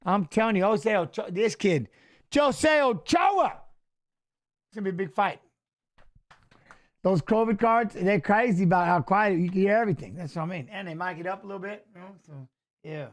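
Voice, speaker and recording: A man talks loosely through a fight watch-along on a live stream. His voice sits fairly high, and he rambles from story to story with bursts of excitement. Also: a little fast. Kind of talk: casual live-stream commentary.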